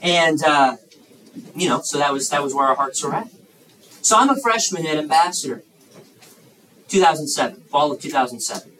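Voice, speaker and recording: A man in his thirties preaching a sermon to young people, swinging between loud emphatic bursts and hushed asides. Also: on the high side, lively intonation, normal speed, pauses often, far from the mic, a little hiss or hum, poor audio.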